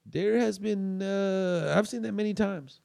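A man's voice: sits high, a little slow, creaky, a little mellow, dry recording, clean studio sound. A man telling a long story in casual chat, rambling with fillers and restarts.

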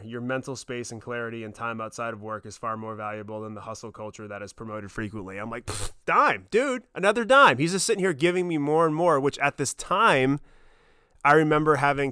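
A man's voice: medium pitch, clean tone, no echo. Man, 30s, podcast host, casual storytelling, swears a lot, choked up, dry close sound. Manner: excited, swearing, emotional storytelling.

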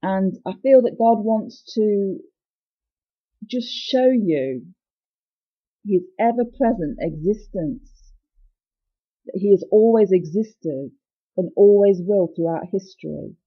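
A woman gives an informal devotional talk, pausing often with ums and uhs and slowing down to stress the verses. Her voice is a little husky and sits at an average pitch for a woman. The recording sounds dull and lo-fi. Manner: hesitant, with many ums and uhs, slow and emphatic on scripture. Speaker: Christian speaker sharing a devotional message.

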